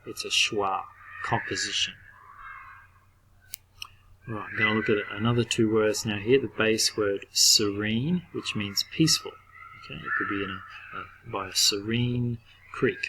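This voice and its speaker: A middle-aged male teacher giving a recorded spelling lesson to children, patient, repeating each word slowly and clearly. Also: on the low side, background noise.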